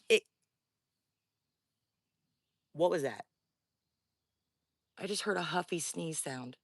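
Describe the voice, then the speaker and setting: A woman tells her own eerie story in a loose, rambling chat, speaking straight to her audience. Her voice is bright and forceful. The recording is close and dry. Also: medium pitch, dry recording. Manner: chatty, rambling, addresses viewers directly. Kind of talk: casual first-person storytelling.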